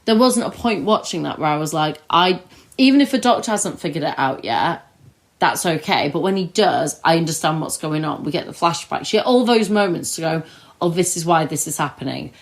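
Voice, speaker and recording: A woman co-host talking casually about a TV episode with a friend. Her voice moves a lot in pitch, rising high when she gets worked up. She keeps slipping into quick impressions of characters. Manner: animated, acts out scenes in quick put-on voices. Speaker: podcast co-host. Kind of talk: casual chat reviewing a TV episode. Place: recorded together in the same room.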